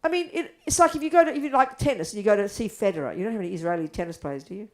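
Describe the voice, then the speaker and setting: An older woman teaching Buddhism to an audience, blunt and animated, asking rhetorical questions. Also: mid-range voice, very fast. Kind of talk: dharma talk to an audience.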